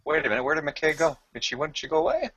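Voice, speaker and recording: A man's voice: on the high side, sing-song, racing, fairly bright tone, husky, no room sound, lo-fi sound. A man in a casual group video chat, making playful, theatrical asides.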